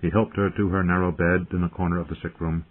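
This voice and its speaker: A man narrates an audiobook in a measured, dramatic way. His voice sits low and sounds husky. The recording is thin and tinny, like a phone line. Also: flat delivery.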